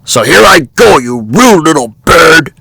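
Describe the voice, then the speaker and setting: A man voicing a big, heavy, stubborn male buffalo with a gravelly voice. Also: a little high, very animated, a little slow, pushed and bright, dry recording, pitched above the performer's own voice, heavily acted. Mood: defiant.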